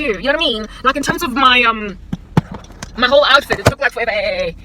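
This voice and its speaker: A South African woman vlogging from inside a parked car into her phone camera, talking in an animated, dramatic and joking way. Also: a little high, quick pace, noisy background. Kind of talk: casual talking-head vlog.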